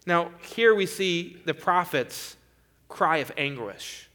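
Male preacher, bright tone, emphatic expository sermon delivery. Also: fairly high pitch, lively intonation, slow pace.

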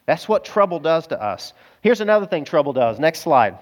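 A man's voice: a little high, sing-song, normal speed. A middle-aged man preaching a sermon as pastor, earnest and emotional, telling stories to his congregation. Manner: earnest, emotional storytelling, addresses crowd as guys.

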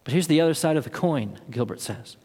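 A man delivers a sermon as pastor, speaking earnestly and swelling into fervent, emphatic passages. His voice sits somewhat high for a man. It echoes with the long reverb of a large church sanctuary. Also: animated, fairly quick, a little mellow. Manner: earnest, building to impassioned emphasis.

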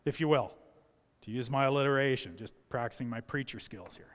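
A man's voice: medium pitch, brisk. Emphatic male pastor in a reverberant church. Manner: emphatic, acts out quoted voices, shifts from quiet to loud. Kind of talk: sermon. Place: church sanctuary.

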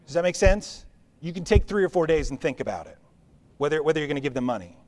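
A man preaching a sermon as pastor, with a conversational, animated delivery. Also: a little high, fast talker. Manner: animated, conversational preaching with acted-out crowd voices.

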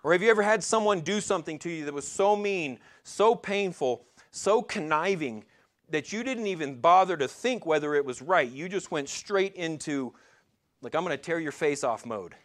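A man's voice: a little high, lively intonation, moderate pace. A man preaching a sermon in a conversational way, asking his listeners rhetorical questions and sometimes stumbling and restarting. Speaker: pastor.

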